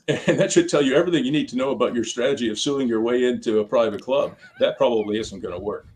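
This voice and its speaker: A man's voice: medium pitch, fast talker, darkish tone. An older man, a guest on an interview show, answering questions in a chatty, storytelling way and laughing between his points. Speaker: guest, sports team founder. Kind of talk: casual interview talk. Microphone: on camera, video interview.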